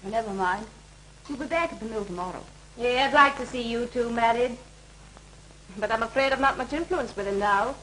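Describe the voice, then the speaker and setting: An actress voices a composed, firm woman with a somewhat high voice. It is 1930s British film acting. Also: moderate pace, a bit bright, a little hiss or hum, close to an everyday voice, rough recording.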